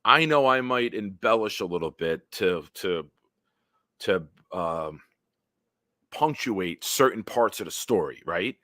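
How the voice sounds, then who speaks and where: A man hosting a casual solo livestream, telling stories in a rambling, animated way with big swings in loudness. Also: on the low side, takes it slowly, dry recording, studio quality. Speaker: livestream host.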